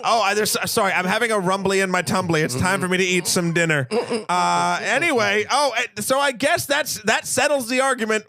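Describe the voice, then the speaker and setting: A man's voice: high voice, fairly bright tone. A man hosting a casual film podcast, rambling and self-correcting in a playful way. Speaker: podcast host.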